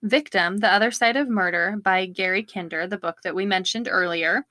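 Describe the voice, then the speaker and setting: A woman co-host reads aloud from a true-crime book in a steady, measured storytelling voice. Her tone is bright and forward. The sound is close and dry. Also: mid-range voice, dry recording. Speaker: podcast co-host.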